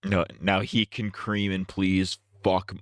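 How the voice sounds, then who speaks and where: A man streaming, talking to himself as he works out parody song lyrics, trying lines out loud with bursts of sung falsetto. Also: completely flat delivery, slow pace, dry recording, studio quality. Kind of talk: casual livestream chat.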